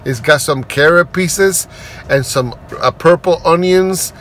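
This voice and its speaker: A man reviewing restaurant food in a casual vlog, excitable and playful, punning and breaking into high exclamations. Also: takes it slowly, a little hiss or hum.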